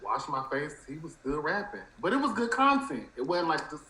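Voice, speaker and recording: A man's voice: a little high, very animated, moderate pace, sharp tone. A man co-hosting a casual podcast chat, making loose, joking remarks. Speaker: co-host. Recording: echoey room with faint background hum.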